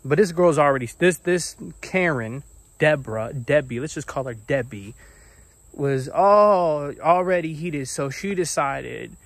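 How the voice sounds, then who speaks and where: A young man telling a casual storytime about his own life, animated and acting out the people he quotes. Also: fairly high pitch, normal speed, no echo. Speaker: vlogger.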